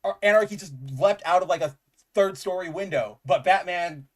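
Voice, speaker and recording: A man's voice: high-pitched, moderate pace. A man co-hosting a casual comics chat, enthusiastic and rambling, with lots of "like" fillers. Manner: enthusiastic, rambling, says "like" often. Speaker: podcast co-host.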